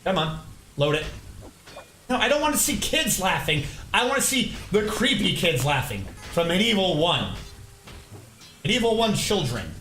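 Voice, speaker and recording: A man's voice: high voice, sing-song, moderate pace, pauses often, bright, forceful tone, roomy sound, faint music behind. A man streaming a game, chatting casually and rambling as he plays and answers his chat. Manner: rambling, chatty, reacts aloud and talks to chat. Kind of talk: casual live-stream commentary.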